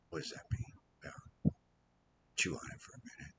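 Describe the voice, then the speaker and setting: A man's voice: low voice, big pitch swings, normal speed, long pauses, a bit bright, a little hiss or hum, poor audio. A man preaching an informal sermon as a missionary, rambling and losing his train of thought now and then. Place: Philippines.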